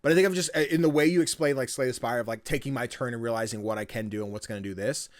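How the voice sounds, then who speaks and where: Animated male podcast co-host, dry sound. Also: medium pitch, very fast, no echo. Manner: animated, laughs often. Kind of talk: casual chat.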